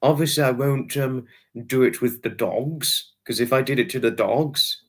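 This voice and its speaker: Guy rambling on his livestream, saying hi to chat folks, mid-pitched voice. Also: moderate pace. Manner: chatty, rambling, greets viewers by name. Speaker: livestream host.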